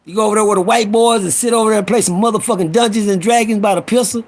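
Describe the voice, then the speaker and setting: A man's voice: high voice, steady tone, very fast. A man hosting a live stream, telling rowdy, profane stories and acting out the voices of people in them. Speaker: host. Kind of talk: storytelling on a live audio stream.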